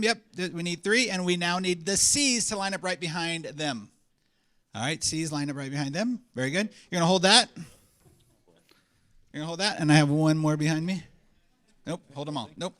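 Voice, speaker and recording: A man hosting a live stage event, calling names and directing a game with energetic, joking instructions. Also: high voice, no echo. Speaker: host. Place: convention stage before a live audience.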